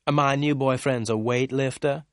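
A man's voice: mid-range voice, steady tone, unhurried, no echo, studio quality, voice pushed up, lightly acted. A man voicing a polite receptionist and her boss answering the phone in an office.

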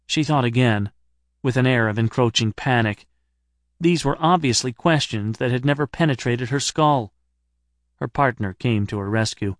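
A middle-aged man narrating an audiobook with wry, deadpan humor. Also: medium pitch, moderate pace, dry recording, studio quality.

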